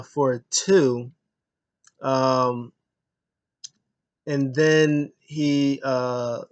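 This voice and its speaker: A man recaps a wrestling match play by play in a loose, unscripted way. He rambles and restarts his sentences. Uh fillers pepper his talk. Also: mid-range voice. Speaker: wrestling show reviewer.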